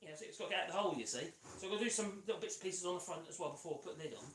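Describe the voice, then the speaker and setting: A man's voice: high voice, lively intonation, racing, fairly bright tone, reverberant, recorded from a distance, a little hiss or hum. A man chatting casually on a radio mic while he builds something, rambling and cracking jokes. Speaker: vlogger. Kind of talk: casual chat while woodworking.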